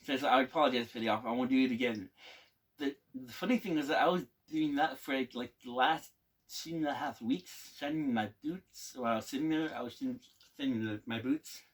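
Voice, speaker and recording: A man's voice: medium pitch, brisk, slightly rough. A young man casually telling a boot camp storytime, rambling and laughing often, with casual swearing. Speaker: navy veteran telling stories.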